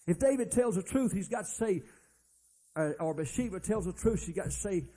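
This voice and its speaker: A man's voice: high voice, expressive, brisk, mellow. A man preaching a sermon, retelling Bible stories in a folksy way and acting out the characters' lines. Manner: folksy storytelling, acts out Bible characters' dialogue.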